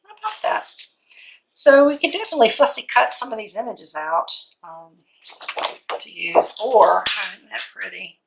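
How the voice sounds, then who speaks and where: A woman's voice: medium pitch, expressive, moderate pace, creaky, slight background noise, low-quality recording. A woman unboxing a scrapbook kit in casual vlog commentary, gushing and cooing over each item, her voice a little worn as if she is losing it.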